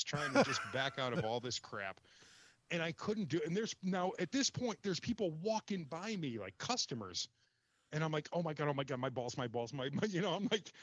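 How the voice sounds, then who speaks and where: A man telling an embarrassing story in casual chat, animated and exasperated, swearing casually. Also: a little high, slightly rough, no echo, dull audio.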